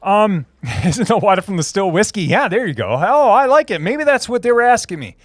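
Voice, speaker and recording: Male streamer, slightly high voice, dry close mic, loose rambling chat with laughs. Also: big pitch swings, brisk, no echo. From Minnesota. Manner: rambling, laughing, lots of restarts and fillers. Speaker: host answering live chat. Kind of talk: casual live-stream chat.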